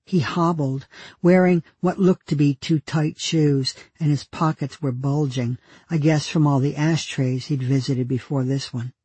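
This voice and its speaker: A man reads his diary entries in a mellow, slightly husky voice, his humor dry and deadpan. His pitch sits a little high, and the recording is close and dry. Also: a little slow, no echo. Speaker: narrator. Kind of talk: reading personal diary entries aloud.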